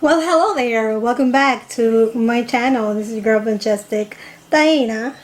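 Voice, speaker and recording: A woman's voice: on the high side, measured pace, low-quality recording. A young woman vlogger chatting casually, telling a story and eating on camera, rambling with lots of fillers. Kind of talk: casual storytime and mukbang chat.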